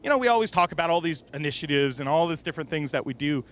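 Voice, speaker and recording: A man hosting casual interviews in an outdoor race garage, loud and jokey. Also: on the high side, expressive. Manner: loud, jokey, quick to exclaim. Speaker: garage reporter and host.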